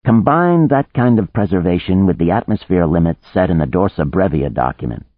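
A man's voice: deep voice, lively intonation, fairly quick, dry recording. A man reading an audiobook, voicing an earnest man who reasons and coaxes others toward a compromise. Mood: persuasive. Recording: narrow phone-like band, dry.

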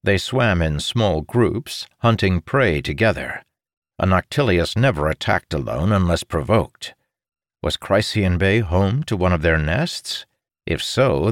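Deep-voiced man narrating an audiobook. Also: no room sound, studio quality.

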